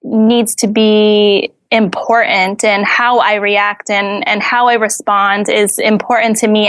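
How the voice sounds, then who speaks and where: A woman's voice: mid-range voice, no room sound. A woman answering interview questions as a house flipper, earnest and candid with a dry sarcastic streak.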